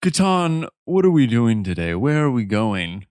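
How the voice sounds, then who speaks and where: A man doing a winged workhorse who has just become clever and won't let anyone forget it. The voice drops lower into a slow, lordly drawl, mock-refined and very pleased with itself. It stays close and dry in the room. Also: sing-song, a little mellow, clean tone, no room sound. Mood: pompous. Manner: slow, pompous, mock-sophisticated. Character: upgraded winged draft horse, suddenly posh and smug.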